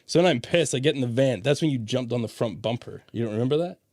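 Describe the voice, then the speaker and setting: A man's voice: medium pitch, animated, quick pace, darkish tone, no room sound. Guy hosting a podcast, swears a lot, rambly and loose, dry close sound. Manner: swears freely, rambling storyteller with laughs. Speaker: podcast host. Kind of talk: casual chat.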